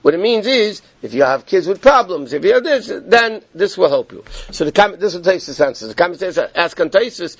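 A man's voice: high-pitched, animated, a little fast, few pauses, slightly rough, no room sound. A man teaching a Torah class, explaining a text step by step and checking in with his students. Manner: explanatory, repeats points and checks in with "okay?". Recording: dull, lo-fi and dry.

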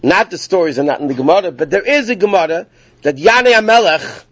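A man's voice: high-pitched, lively intonation, fast talker, a bit bright, no echo. Man with a raised voice, dull lo-fi sound. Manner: casual, rambling, self-interrupting. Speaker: Torah class teacher. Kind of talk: informal storytelling lesson. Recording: dull lo-fi dry recording.

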